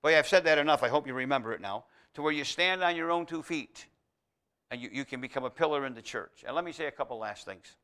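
Bright-voiced folksy male preacher. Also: on the high side, animated, quick pace. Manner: folksy, emphatic, rises to loud exhortation. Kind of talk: conversational sermon.

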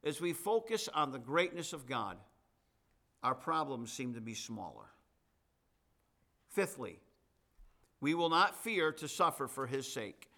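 A man's voice: mid-range voice, big pitch swings, unhurried, pauses often, pushed and bright. A middle-aged man preaching a sermon to his congregation, mixing scripture with chatty asides and folksy humor. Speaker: pastor.

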